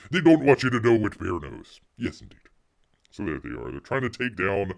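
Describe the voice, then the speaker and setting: A middle-aged man hosts a casual livestream, sarcastic and rambling, full of fillers and restarts, and he refers to himself by name in the third person. His fairly low voice swoops wildly in pitch at a moderate pace, with vocal fry and a slightly mellow quality.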